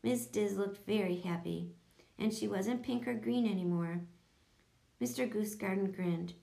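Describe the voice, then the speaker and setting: A woman's voice: medium pitch, moderate pace, vocal fry, darkish tone, echoey room. A woman narrating a children's audiobook, switching into voices for each character.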